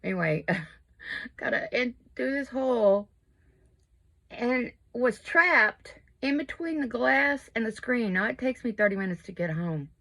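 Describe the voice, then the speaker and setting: A woman in her fifties with a fairly high, gravelly, slightly bright voice rambles cheerfully while doing her makeup at home. A crochet and makeup vlogger, she's chatty and self-deprecating, speaking unhurriedly with lively intonation.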